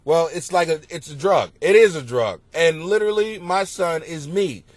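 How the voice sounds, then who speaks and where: A middle-aged male comedian telling rambling, profane stories on his podcast, bursting into loud exclamations. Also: on the high side, normal speed, no echo. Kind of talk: comedic storytelling monologue. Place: basement at home.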